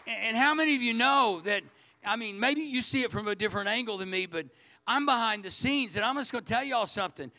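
A man's voice: very high voice, animated, fairly quick, sharp tone, a faint crowd. A man preaching a sermon, telling a personal story in a folksy, repetitive way. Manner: folksy, storytelling, repeats words. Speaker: pastor.

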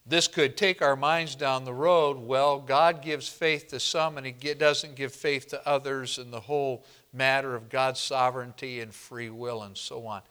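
A man preaching a sermon to a congregation, slow and emphatic, often asking the room questions and answering them. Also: medium pitch, steady tone, fairly bright tone, clean tone. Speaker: pastor.

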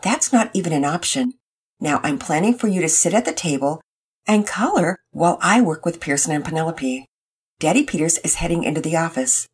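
A woman's voice: deep voice, animated, a little fast, husky, heavily acted. A woman voicing a patient but unbending mother in a children's story, coaxing and firm.

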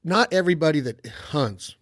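A man's voice: fairly high pitch, lively intonation, fairly quick, no echo, studio quality. A man hosting a podcast, asking his guest questions in a chatty, admiring way. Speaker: podcast host. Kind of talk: casual interview.

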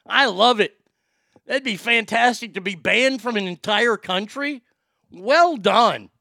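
Podcast host, man, high gravelly voice, mocking comedic delivery. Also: lively intonation, takes it slowly, dry recording, studio quality. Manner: loud, mocking, laughs at his own jokes. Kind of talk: casual comedic commentary.

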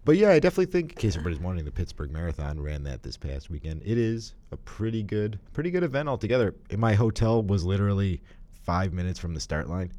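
A young man co-hosting a casual podcast, his voice sitting very low yet swinging through a wide, lively range. He jokes and teases his co-host, delivered close to the mic. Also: quick pace, no echo. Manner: joking, teasing, puts on bad accents. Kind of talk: casual chat.

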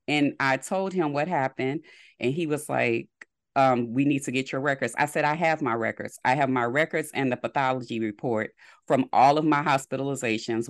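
A woman guest on a podcast, telling a personal story in a lively way and acting out the dialogue. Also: very deep voice, no echo, studio quality. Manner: lively retelling with quoted dialogue.

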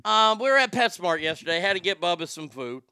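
Male host, high gravelly voice, loose cursing banter, clean dry mic. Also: very animated, fairly quick, sharp tone, no echo. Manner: loose, joking, profane banter. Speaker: show host. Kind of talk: casual rambling chat show.

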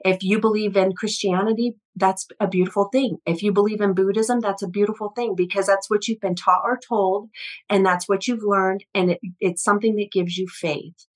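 A woman's voice: medium pitch, fairly even intonation, moderate pace, low-quality recording. Earnest storytelling woman, healer guest. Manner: earnest, flowing, frequent restarts and "you know" fillers. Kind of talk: conversational storytelling interview.

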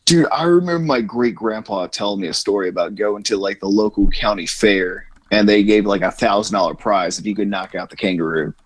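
A man's voice: lowish voice, fairly quick, few pauses, slightly rough. A man co-hosting a podcast, telling rambling stories in casual chat and swearing a lot. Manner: profane, rambling storyteller. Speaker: podcast co-host.

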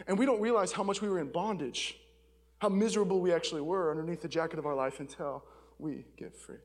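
A man with a notably high voice delivers a sermon from a church stage. He talks candidly and conversationally, dropping in casual asides like "man" between points. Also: fast. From Seattle. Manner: candid, conversational storytelling with frequent "man" and "I'll be real". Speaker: pastor.

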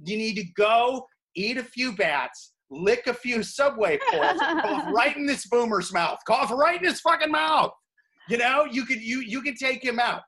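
High-voiced profane male comic. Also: animated, moderate pace, few pauses, fairly bright tone. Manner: profane, rowdy joking. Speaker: podcast co-host. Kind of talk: crude comedic banter.

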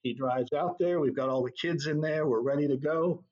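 A middle-aged man, a drum corps tour director, telling anecdotes in a relaxed, storytelling way during an interview. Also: on the high side, normal speed, dull audio. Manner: relaxed anecdotal, laughs at own stories.

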